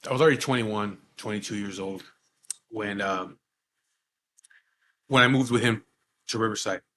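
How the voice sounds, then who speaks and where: A man's voice: lowish voice, normal speed, bright, forceful tone, slight background noise. Laid-back, cussing man in his forties. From Southern California. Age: 40s. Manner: laid-back and profane, with frequent fillers. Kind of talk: casual storytelling.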